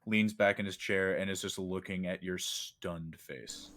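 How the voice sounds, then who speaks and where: Man, game master, deep voice, halting narration with fillers. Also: steady tone, fairly bright tone.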